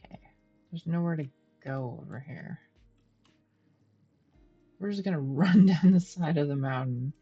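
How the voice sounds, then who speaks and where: A woman's voice: low voice, unhurried, pauses often, dark tone, breathy edge, lo-fi sound, faint music behind. A woman streaming a game, chatting and thinking aloud as she plays and talks to her viewers. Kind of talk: live gameplay commentary.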